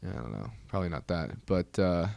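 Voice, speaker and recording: A man's voice: deep voice, lively intonation, brisk, creaky, a little mellow, no room sound. A man hosting a casual solo podcast, rambling, with many restarts and trailing fillers. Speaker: podcast host.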